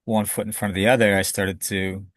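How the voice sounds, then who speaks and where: Low-voiced man telling a raw story. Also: level tone, brisk, fairly bright tone, dry recording. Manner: emotional, candid, swears casually. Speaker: podcast guest. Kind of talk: candid personal storytelling.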